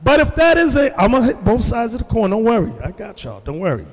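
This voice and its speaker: A man's voice: very high voice, fast talker. A man preaching a sermon to a congregation, telling stories and acting out the voices of the people in them. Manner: animated storytelling, acts out voices. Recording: long hall reverb.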